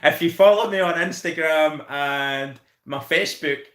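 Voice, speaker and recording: Excitable Scottish man with a fairly high voice. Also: a little slow, roomy sound. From Scotland. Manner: excitable, rambling, swears freely. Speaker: live stream host. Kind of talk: casual live-stream chat.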